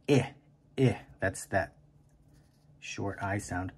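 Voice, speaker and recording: Husky man teaching kids to write. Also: fairly low pitch, a little mellow, muffled recording. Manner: slow, encouraging, stretches out words aloud. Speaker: teacher and podcast host. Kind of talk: kindergarten writing lesson.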